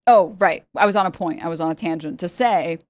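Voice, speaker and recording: Speaking fairly quickly in a rather low voice, this woman streamer rambles through casual live-stream chat, leaning on fillers and laughing a lot. The recording is dry.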